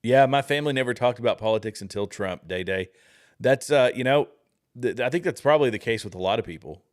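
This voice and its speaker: A man's voice: medium pitch, animated, fast. A man in his thirties hosting a livestream, giving casual, rambling political commentary while reading viewer comments, often restarting his sentences. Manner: rambling, with frequent restarts and asides. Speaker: livestream host.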